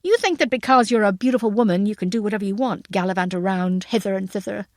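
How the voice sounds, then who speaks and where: A woman's voice: a little high, animated, normal speed, dry recording, studio quality, natural voice. Woman voicing a stern young American farmer. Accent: slight American. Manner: chiding, clipped.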